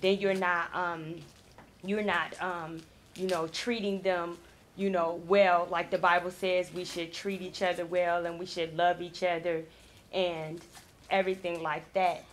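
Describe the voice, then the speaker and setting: A woman in a casual discussion, asking a question hesitantly with many pauses and fillers. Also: fairly low pitch, flat delivery. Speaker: discussion participant.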